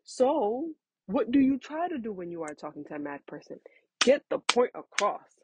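A woman's voice: on the high side, very animated, normal speed, noisy background. A woman in her thirties giving frank, conversational parenting advice, calling the listener honey. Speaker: parenting talk host. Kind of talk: casual advice talk.

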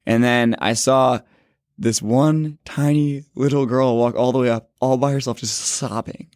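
Young man, twenty, casual testimony, rambling with "like", mid pitch, dry sound. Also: steady tone, a little mellow, no echo. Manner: rambling, heavy use of "like", quick self-corrections. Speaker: speaker sharing a faith testimony. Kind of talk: casual personal storytelling.

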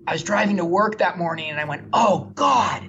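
A man's voice: fairly high pitch, quick pace, bright, forceful tone, lo-fi sound, a little hiss or hum. A man, a film director, telling a candid, self-deprecating story from his career in a guest interview. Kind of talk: animated anecdotal storytelling.

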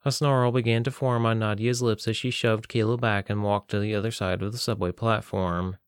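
A man narrating an audiobook in a steady, plain storytelling manner. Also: fairly low pitch, moderate pace, clear, resonant tone, no echo, clean studio sound. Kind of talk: scripted narration.

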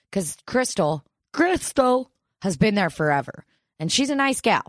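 A woman's voice: mid-range voice, unhurried, no room sound, studio quality. A young woman from St. Louis telling a profane, comic personal story, laughing often. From St. Louis area. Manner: profane, laughing, animated retelling. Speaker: guest storyteller. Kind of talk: crude comedic storytelling.

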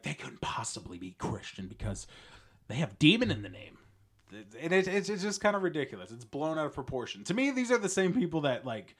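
A man hosting his own podcast alone, talking in a rambling, jokey way with frequent chuckles, swinging between low mutters and loud bursts. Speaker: podcast host. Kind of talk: casual solo podcast monologue.

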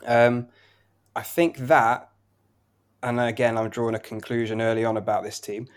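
A man's voice: mid-range voice, steady tone, moderate pace, smooth. A man co-hosting a betting podcast, giving football picks and reeling off results and prices in flowing runs. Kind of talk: casual betting tips chat.

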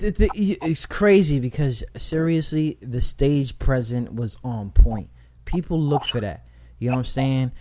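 A man hosting a casual hip-hop interview, talking in slang and telling stories with lots of asides. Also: medium pitch. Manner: animated storyteller, slangy, lots of "you know what I'm saying". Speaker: podcast host.

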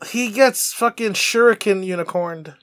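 High-voiced, excitable male podcaster. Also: a little slow, no room sound. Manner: excitable, laughing, swears often. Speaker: podcast co-host. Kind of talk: casual comedic chat.

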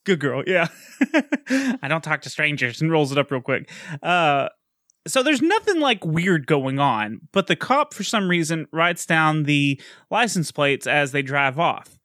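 A man casually retelling a film plot in chat, animated and quick to laugh. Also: a little high, dry recording, clean studio sound. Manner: animated storytelling, laughs often. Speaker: podcast co-host recapping a film.

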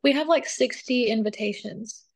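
Young woman guest, high-ish voice, chatty and animated storyteller. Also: normal speed. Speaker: interview guest. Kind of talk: casual chat.

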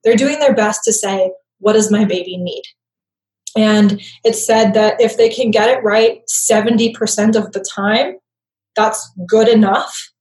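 A woman's voice: a little high, fairly even intonation, a little slow, darkish tone. Woman explaining in a roomy echo. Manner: conversational, frequent tag "right?". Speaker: guest expert on attachment. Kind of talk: explanatory interview talk.

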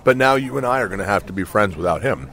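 A man's voice: lowish voice, expressive, fast, a bit bright. A man co-hosting a casual podcast chat, laid-back and swearing freely, recorded outdoors and later in a car. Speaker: podcast co-host.

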